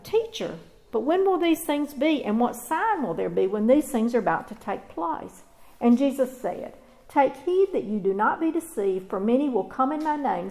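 A woman pastor reading scripture and preaching a sermon in a measured, earnest way with deliberate pauses. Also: a little high, gravelly, a little mellow, rough recording.

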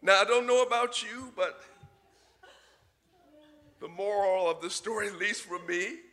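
A man preaching a sermon, telling a folksy story in a deliberate way with short pauses. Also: high-pitched, sharp tone. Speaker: pastor.

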